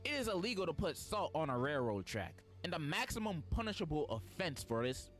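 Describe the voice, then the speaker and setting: Young guy ranting sarcastically, high bright voice, faint music behind. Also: very animated, a little fast. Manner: sarcastic, mock-outraged, joking. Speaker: streamer. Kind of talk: comedic commentary.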